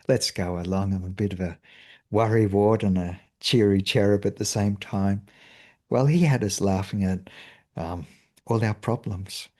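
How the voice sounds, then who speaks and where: A man's voice: fairly low pitch, warm tone. A man, a meditation teacher giving a cheerful spiritual talk and laughing often.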